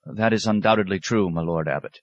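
A man's voice: low-pitched, a little fast, dry recording, highs cut off, natural voice. A man voicing a timid seventeen-year-old novice monk who stammers and gasps his replies. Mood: anxious. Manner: stammering, breathless.

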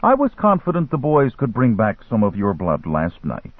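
A man reading an audiobook, voicing a calm, scheming male merchant who works spells, smooth and quietly menacing. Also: medium pitch, normal speed, dry recording. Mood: persuasive. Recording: tinny phone-like line.

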